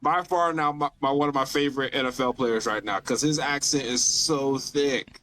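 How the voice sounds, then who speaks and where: A man's voice: mid-range voice, moderate pace, fairly bright tone, slight background noise. A man from the Southern United States with a light Southern accent, chatting as a podcast guest and telling stories animatedly. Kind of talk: casual chat.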